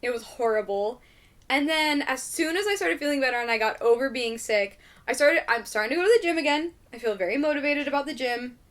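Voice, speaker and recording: A woman's voice: high-pitched, animated, brisk, a bit bright. A young adult woman hosting a podcast in casual chat, ranting animatedly and swearing a lot. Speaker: podcast host.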